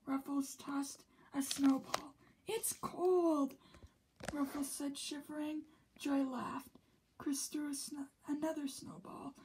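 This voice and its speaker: A woman reading a children's picture book aloud, slipping often into a soft whisper between the characters' lines. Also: sits high, a little hiss or hum, low-quality recording.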